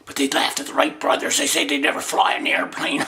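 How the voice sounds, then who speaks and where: A man's voice: a little high, flat delivery, fairly quick, vocal fry, pushed and bright. A man doing a rambling comic commentary on his own tall tales, dryly repeating that it was all boring.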